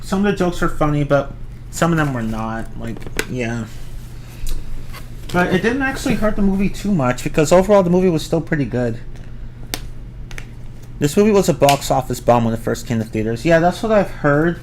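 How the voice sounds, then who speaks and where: A man's voice: on the high side, sing-song, moderate pace, pauses often, darkish tone, a little hiss or hum. A young man rambling casually through a film review on a livestream, often restarting his sentences, swearing now and then and reacting to chat. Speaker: livestream host reviewing films.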